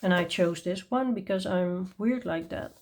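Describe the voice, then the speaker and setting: Slow, chatty woman presenting craft books. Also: on the low side. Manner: chatty and enthusiastic, with many ums and small laughs. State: tired and yawning. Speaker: coloring channel host. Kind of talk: casual show-and-tell review.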